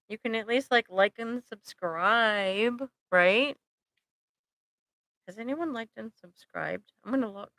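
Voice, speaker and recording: A woman therapist hosts a live support stream, speaking straight to her viewers in a casual, conversational way, often tagging on "like" and "right?". Her slightly high voice sounds pushed and bright. It's captured on a computer microphone with no echo and low quality.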